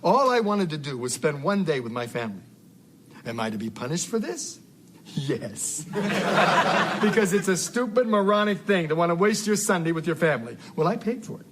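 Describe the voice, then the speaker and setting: A man's voice: fairly high pitch, big pitch swings, normal speed. A man on a podcast acting out a sitcom father's lines with mock-dramatic flair. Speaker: podcast co-host reenacting scenes. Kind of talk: comedic scene reenactment. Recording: loud background noise.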